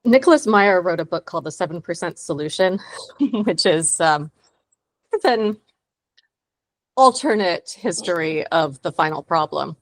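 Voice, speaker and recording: Lady cohost, bit low voiced, dry wry jokes, chatty. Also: animated, normal speed, long pauses. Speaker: podcast co-host. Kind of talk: casual chat.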